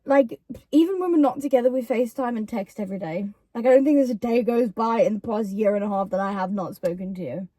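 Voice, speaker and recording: A woman's voice: a little high, fast talker, warm tone, no room sound. A young woman telling stories about her friend in a casual chat, quoting her in put-on voices. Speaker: YouTuber co-host.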